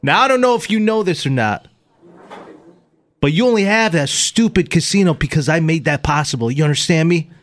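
A man's voice: a little high, lively intonation, brisk, close to an everyday voice. A man putting on a heated mob boss voice for a movie scene reading on a morning radio show. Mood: menacing. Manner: loud, heated, threatening. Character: menacing male mob boss, threatening.

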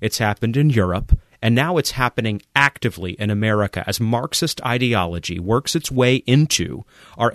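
A man's voice: lowish voice, no echo, studio quality. A man hosting a podcast, delivering an impassioned commentary monologue full of rhetorical questions and emphatic repetition. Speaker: podcast host.

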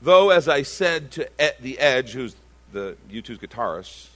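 A man preaching a sermon as pastor, conversational and passionate, with sudden loud bursts. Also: mid-range voice, animated, unhurried.

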